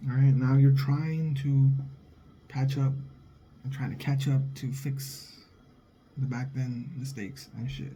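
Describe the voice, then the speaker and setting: A man's voice: mid-range voice, little pitch movement, takes it slowly, mellow, slight background noise, poor audio. A young adult man and father, talking in a blunt, heated, profane casual monologue. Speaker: vlogger, father.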